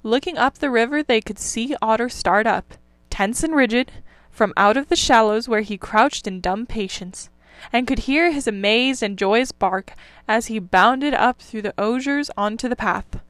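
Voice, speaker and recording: A woman narrating a storybook for her own podcast. She reads in a calm, even way in a fairly high voice. The sound is dry and close, with no room echo. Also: normal speed. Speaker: podcast host and reader.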